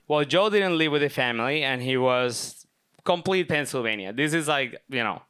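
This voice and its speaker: Young man, smooth resonant storytelling voice. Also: medium pitch, animated, normal speed, fairly bright tone. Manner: casual, self-mocking, filler-heavy. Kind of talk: live personal storytelling. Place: stage at a live event.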